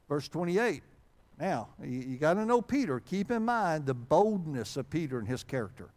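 Male pastor, sermon, humorous, conversational, fairly high voice. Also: moderate pace. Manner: animated, humorous, reads old-style scripture wording; conversational, frequent fillers and restarts.

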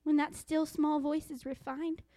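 A woman preaching a sermon, reading scripture slowly and dropping into hushed whispers for emphasis. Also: high-pitched, little pitch movement, no room sound. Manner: quotes scripture in a slow, deliberate voice.

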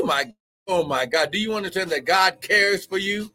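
A man's voice: high voice, animated, moderate pace, bright, forceful tone, soft background music. A man preaching and praying on a live stream, fervent, with many exclamations and calls to agree. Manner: fervent, call-and-response exclamations. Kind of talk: live-streamed sermon and prayer.

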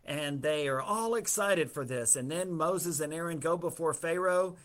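A man's voice: fairly high pitch, moderate pace, fairly bright tone. A man teaching a Bible study, retelling the story casually with humorous asides.

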